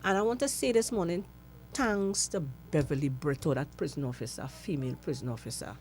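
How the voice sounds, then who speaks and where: A middle-aged woman with a Trinidadian accent, a guest in an interview, telling her story with lively acted-out dialogue. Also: deep voice, brisk, slight background noise. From Trinidad and Tobago.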